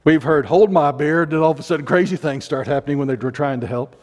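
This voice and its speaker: A man's voice: a little high, fast, long reverb tail. A middle-aged man with an Ozarks accent preaching a sermon, impassioned and digressive, with joking asides.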